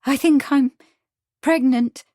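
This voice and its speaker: A woman voicing an earnest, easily upset young Victorian woman who speaks high and breathless. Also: steady tone, slow, mellow, no echo, clean studio sound. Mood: distressed.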